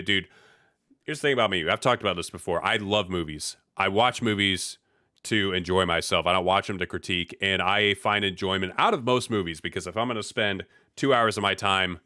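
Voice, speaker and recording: A man's voice: deep voice, sharp tone, smooth, no echo, clean studio sound. A man from the US Midwest hosting a podcast in casual chat, laid-back with slang and frequent restarts. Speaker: podcast host.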